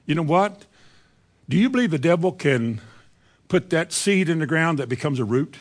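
A man delivers a sermon in a plainspoken, down-to-earth way. His voice sits a little high for a man, and he slips into mimicking the voices of bitter people as he preaches. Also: animated, normal speed.

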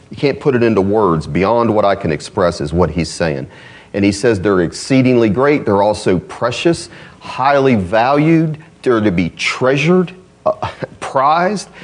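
A man delivers a sermon in a church with a folksy, conversational touch. He laughs easily and fires off rhetorical questions. His pitch swings widely from low asides to high, emphatic peaks. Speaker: pastor.

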